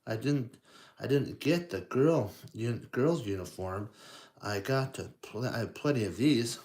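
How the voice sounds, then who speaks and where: Bumbling bat henchman from a storybook, flustered, halting; a man reads the part. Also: mid-range voice, a little mellow, natural voice.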